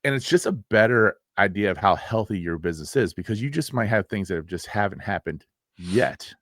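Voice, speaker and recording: Deep-voiced man, dry close sound. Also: expressive, a little fast, fairly bright tone, no echo. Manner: plainspoken, trails off and restarts, fills with "like". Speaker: podcast co-host, real estate coach. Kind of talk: casual conversational podcast.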